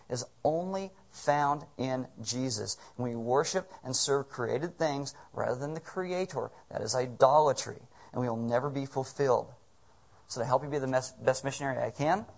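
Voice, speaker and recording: A man's voice: mid-range voice, creaky. A man preaching a sermon as pastor, conversational and joking, firing off rhetorical questions.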